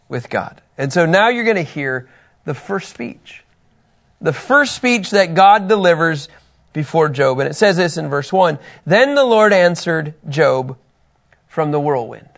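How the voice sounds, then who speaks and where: A man with a high-sitting voice teaches a Bible lesson to a group, reading scripture passages aloud and quizzing his listeners in an animated way.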